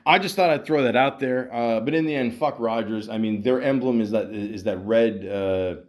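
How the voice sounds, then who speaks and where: A middle-aged man from Canada hosts a podcast in loose, rambling talk about hockey. He swears freely and trips over his words with fillers and restarts. His voice sits at an ordinary pitch for a man. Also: normal speed. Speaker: podcast host.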